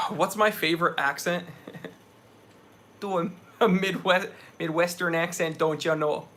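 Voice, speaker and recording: Young man, from New England, casual live stream host, chatty, loose, bright tone. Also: sits high, fairly even intonation, takes it slowly. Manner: chatty, loose, reads viewer comments aloud.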